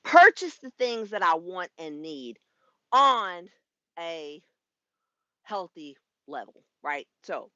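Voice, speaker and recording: Woman in her fifties, bright lively voice, frank and chatty, dry slightly dull recording. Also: lowish voice, slow, no echo. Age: 50s. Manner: chatty and frank, swears freely, laughs often. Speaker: spiritual life coach and YouTube live host. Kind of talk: casual livestream monologue.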